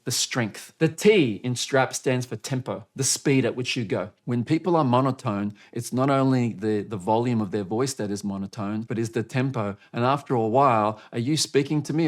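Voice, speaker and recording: A man teaching on-camera speaking as a coach, energetic and demonstrative, often shifting his loudness, pace and pitch to show what he means. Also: normal speed, few pauses. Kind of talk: coaching video lesson.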